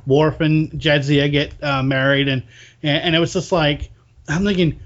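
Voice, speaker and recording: A man's voice: on the high side, steady tone, normal speed, muffled recording. A man interviewing a guest in a casual chat, often stammering and restarting.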